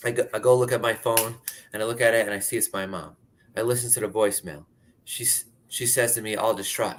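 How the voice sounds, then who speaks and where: A man's voice: fairly low pitch, fairly even intonation, fairly quick, fairly bright tone, a little hiss or hum. A man in his thirties from Pennsylvania, telling his personal story in a candid, conversational way, often saying "like". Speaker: speaker sharing his story.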